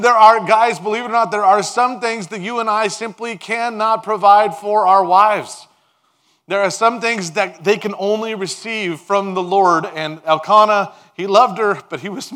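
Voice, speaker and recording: A man preaching a sermon as pastor, animated and emphatic, laughing at his own asides. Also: high voice, normal speed.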